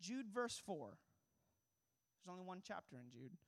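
A man's voice: sits high, very animated, a little slow. A young man preaching as a pastor, earnest and emphatic, asking the congregation rhetorical questions. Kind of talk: sermon.

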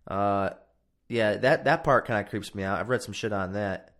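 A man's voice: fairly low pitch, normal speed, a bit bright. A man hosting a casual solo podcast from his home podcast room, rambling and swearing freely and poking fun at himself. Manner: rambling, profane, self-mocking. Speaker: podcast host.

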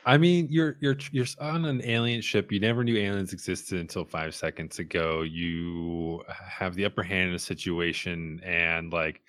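A man's voice: low voice, fairly even intonation, normal speed, hardly any pauses, a bit bright. A man co-hosting a casual book podcast, thoughtful and talking through ideas with restarts. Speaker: podcast co-host discussing a book. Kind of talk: casual chat.

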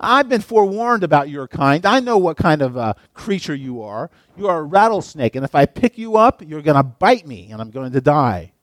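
Brief: man playing a young man, indignant and firm, pitch lifting high. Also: big pitch swings, moderate pace, hardly any pauses, no echo. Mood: refusing. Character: wary young man refusing firmly.

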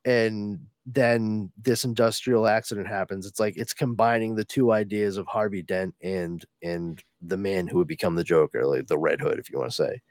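A man's voice: fairly low pitch, moderate pace, hardly any pauses, dry recording, studio quality. A man casually recapping a comic book with a co-host, laughing often and acting out the characters' lines. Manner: laughing, animated retelling with acted-out quotes.

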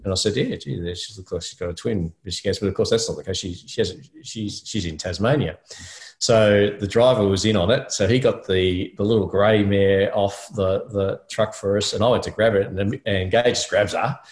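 A man's voice: lowish voice, fairly even intonation, moderate pace. A middle-aged Australian man, a podcast co-host, telling a rambling personal story in casual chat with many fillers.

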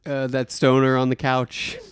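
A man's voice: medium pitch, completely flat delivery, unhurried, smooth, dry recording, studio quality. A man co-hosting a podcast, chatting casually with wry, teasing banter. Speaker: podcast co-host. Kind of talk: casual chat.

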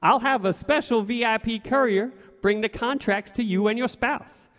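A man's voice: extremely high pitch, normal speed, fairly bright tone, in a large hall. An actor voicing a computerized salesman who delivers sing-song rhyming sales patter. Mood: pitching.

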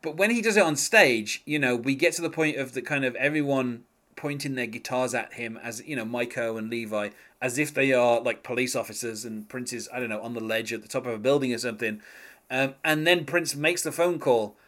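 A man's voice: mid-range voice, fairly quick, a bit bright. Man rambling about music. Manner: rambling, many fillers, chuckles often. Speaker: podcast host. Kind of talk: casual music discussion.

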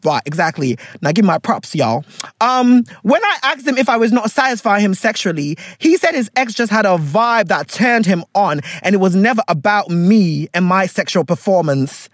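Lively, laughing storytime vlogger. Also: medium pitch, normal speed, no room sound, clean studio sound. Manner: animated, laughs often, dramatic reactions; switches between reading aloud and commentary. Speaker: vlogger reading a viewer's letter. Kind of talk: casual storytime commentary.

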